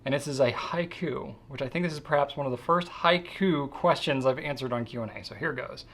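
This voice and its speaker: A man hosting a pen shop question-and-answer show, talking casually and easygoing, thinking out loud as he handles a pen. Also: medium pitch, fairly quick, few pauses. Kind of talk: casual chat.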